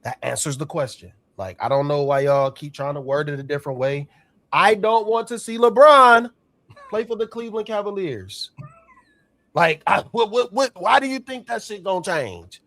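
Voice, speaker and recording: A man's voice: on the high side, expressive, normal speed, dry recording. A man from Ohio, co-hosting a casual panel show, talking in a blunt, profane, insistent way. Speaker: panel co-host.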